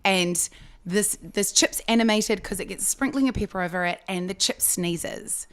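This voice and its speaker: Guest role: animated New woman, chatty voice actor, mid-range voice. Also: mid-range voice, moderate pace. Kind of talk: casual chat, storytelling.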